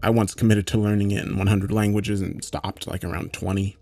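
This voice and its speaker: A man narrating a horror story in a measured, matter-of-fact way, with occasional swearing. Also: on the low side, steady tone, warm tone.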